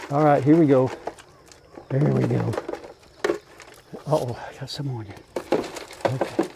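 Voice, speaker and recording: A man's voice: medium pitch, fairly even intonation, measured pace, vocal fry, noisy background. An older man, chatting casually to viewers and his animals while doing farm chores outdoors. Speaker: farm vlogger.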